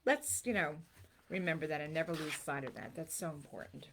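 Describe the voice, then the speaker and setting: A woman's voice: deep voice, fairly quick, gravelly, noisy background. A woman co-hosting a casual talk show, chatty and sentimental. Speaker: co-host.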